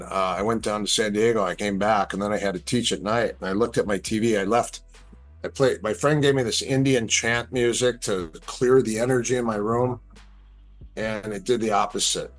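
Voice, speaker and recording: Brief: middle-aged male guest, low voice, animated storyteller. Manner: animated storyteller, acts out quoted lines. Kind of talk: casual storytelling chat.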